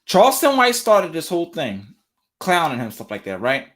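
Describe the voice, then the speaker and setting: A man hosts a talk show and gives casual commentary straight to his viewers. He is animated and repeats phrases over and over for emphasis. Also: fairly high pitch, normal speed. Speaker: relationship talk show host.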